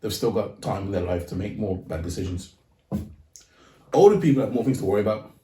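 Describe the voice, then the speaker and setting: A man's voice: fairly low pitch, a little fast, mellow, recorded from a distance. A man co-hosting a podcast in casual chat, asking questions and giving his opinions. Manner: reacts and questions, then gives opinions. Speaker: podcast co-host. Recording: roomy echo, a bit off-mic.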